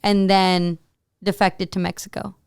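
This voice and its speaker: A woman's voice: mid-range voice, flat delivery, a little slow, gravelly, clear, resonant tone, no echo, studio quality. A woman co-hosting a casual podcast, chatting and sometimes reading notes aloud, with lots of "like" fillers. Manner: chatty, many "like" fillers, stumbles when reading. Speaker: podcast co-host.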